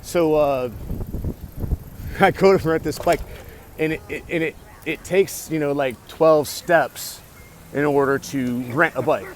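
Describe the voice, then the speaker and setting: Pausing often and speaking slowly in a fairly high voice, a man vlogs from his bike in the city, rambling through a profane story to his camera. Outdoor urban noise is audible, and he keeps restarting and talking to himself.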